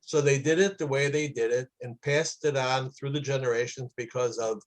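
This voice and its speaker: A man teaches a class on kosher cooking, telling stories in a loose, chatty way. He often hesitates with fillers. His pitch sits in the middle range. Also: steady tone, moderate pace, rough recording. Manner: chatty, anecdotal, with many fillers. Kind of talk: casual storytelling lecture.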